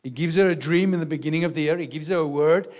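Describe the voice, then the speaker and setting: Male pastor with a lightly raised pitch, preaching in a chatty, questioning way that often turns to soft asides. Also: fast. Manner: conversational preaching, rhetorical questions, frequent "right?" and "amen?". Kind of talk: sermon.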